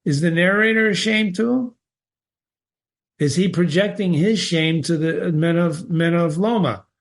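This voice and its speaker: A man's voice: sits high, creaky. A man reading passages from a short story aloud and analyzing them, stopping often to put rhetorical questions to his listeners. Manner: animated, questioning, stops to quote the text and ask rhetorical questions. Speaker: literature teacher.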